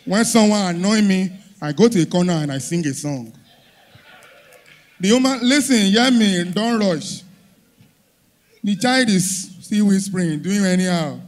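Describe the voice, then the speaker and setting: Ranting Nigerian comedian, high voice. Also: male voice, expressive, unhurried, pauses often. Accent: Nigerian English. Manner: exasperated ranting storyteller, swings from low asides to loud outbursts. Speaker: stand-up comedian. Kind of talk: stand-up comedy.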